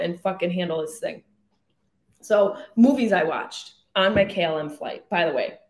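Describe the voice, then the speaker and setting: Rambling and profane, a woman jokes her way through casual stories as host of her own podcast. Her voice is lowish, captured with a roomy sound.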